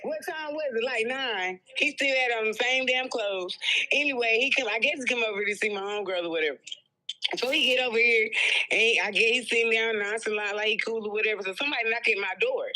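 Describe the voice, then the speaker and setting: A woman's voice: on the high side, fast talker, pushed and bright, poor audio. A woman telling a story in a profane, heated rant as a guest on a casual talk stream.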